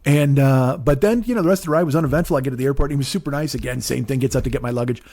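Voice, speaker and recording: A man in his forties, a comedian and podcast host, telling a profane, exasperated story monologue that swings into loud rants. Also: mid-range voice, very fast, dry recording, clean studio sound. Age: 40s.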